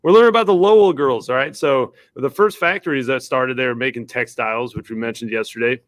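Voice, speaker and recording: A man's voice: mid-range voice, a little fast, dry recording. A man, a teacher co-hosting a class vodcast, explaining history casually and checking in with tag questions.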